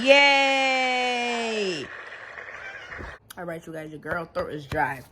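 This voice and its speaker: A woman's voice: mid-range voice, fairly even intonation, very slow, long pauses, bright, forceful tone. Young woman spilling a story on her vlog, blunt and slangy, cusses a lot, a bit of hiss behind. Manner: blunt, slangy, swears freely. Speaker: YouTube storyteller.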